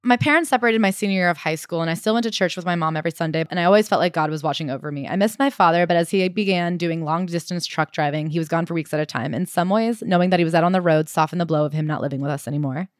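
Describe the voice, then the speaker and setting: Animated woman podcast co-host, dry mic. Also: on the low side, rapid-fire, hardly any pauses, no room sound. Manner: animated, incredulous, reads quotes aloud. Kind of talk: casual book-summary chat.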